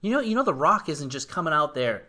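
A young man in loose, blunt conversation who swears freely and slips into acted-out example lines. His voice is bright and somewhat high, and its pitch swings widely as he makes his case. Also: sing-song, fast. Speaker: wrestling podcast co-host. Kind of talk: casual chat.

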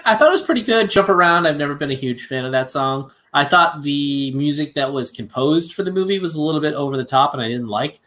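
A man's voice: fairly high pitch, quick pace, few pauses, a bit bright. A man in his thirties co-hosting a casual movie review chat, laid-back but blunt with his opinions. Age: 30s. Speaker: podcast co-host.

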